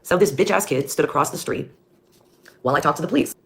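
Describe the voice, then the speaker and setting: Over slight background noise and clear music, a low-pitched woman talks quickly about her own experiences as a mother. She tells it bluntly and heatedly, with heavy swearing.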